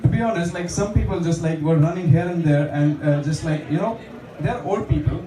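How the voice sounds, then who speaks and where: Young man, stand-up comic, slightly high voice, chatty and self-deprecating, echoey bar, distant mic, crowd laughing. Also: a little fast. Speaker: stand-up comedian. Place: small bar stage with a live audience.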